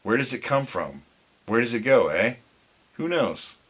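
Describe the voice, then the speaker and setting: A man's voice: mid-range voice, big pitch swings, unhurried, a bit bright, breathy edge, pitched above the performer's own voice, heavily acted. A man voicing a tearful, wistful old barber in a storybook reading, musing aloud in emotional questions.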